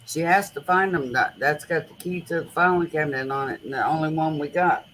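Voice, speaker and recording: A woman's voice: low voice, brisk. A woman hosting a casual chat, telling rambling stories in loose, colloquial everyday speech. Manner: rambling animated storytelling with colloquial grammar. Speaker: host. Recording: noisy home recording.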